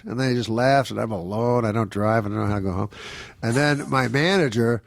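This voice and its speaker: A man with a gravelly, creaky voice, recorded close and dry with almost no room sound. He tells long, rambling stories in a dry, offhand way, breaking into quick laughs now and then on a casual podcast. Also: mid-range voice, animated, no echo. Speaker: comedian guest.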